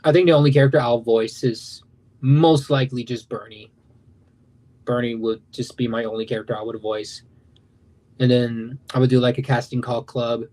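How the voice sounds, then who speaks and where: A man's voice: medium pitch, dark tone. A young man in his late teens, an animation creator, rambling casually on a livestream. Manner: rambling, loose, self-interrupting.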